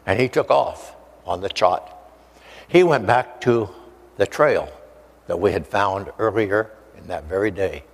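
An older male preacher from the Oregon coast, telling a personal story in an animated way, acting out voices and joking with the listeners. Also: on the low side, a little slow. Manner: animated storyteller, acts out voices, jokes with audience. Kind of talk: storytelling testimony sermon. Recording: long hall reverb.

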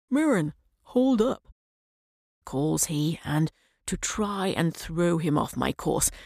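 A woman reading a short story aloud as a measured first-person narration, sometimes dropping to a soft whisper. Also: on the low side, slightly rough, dry recording, studio quality. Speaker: audiobook reader.

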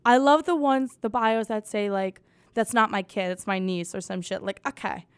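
A woman's voice: mid-range voice, normal speed, smooth, no room sound. A young woman hosting a casual comedy podcast, sarcastic and swearing freely, mocking quotes in put-on voices. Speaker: podcast host.

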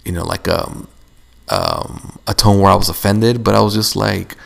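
A man's voice: sits low, big pitch swings, normal speed, gravelly. A young man hosting a casual solo podcast, rambling and venting with lots of swearing. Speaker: podcast host.

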